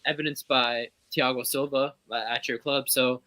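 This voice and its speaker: A man's voice: medium pitch, flat delivery, normal speed, sharp tone. A man co-hosting a casual football podcast, talking through transfers in a chatty, analytical way. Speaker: podcast co-host.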